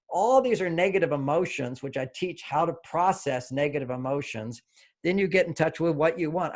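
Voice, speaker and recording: A man's voice: fairly high pitch, lively intonation, normal speed. A man who is a relationship author, a guest on an interview podcast, explaining ideas and acting out the inner voices of children and parents.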